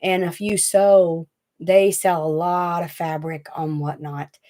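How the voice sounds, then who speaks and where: A woman with a Southern US drawl chats loosely to her viewers on a home livestream. Her voice sits a little low, and she rambles from thought to thought with a fidgety, talkative ease. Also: level tone, slow, warm tone. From Tennessee. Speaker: DIY craft channel host. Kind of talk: casual livestream chat. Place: small hot room at home.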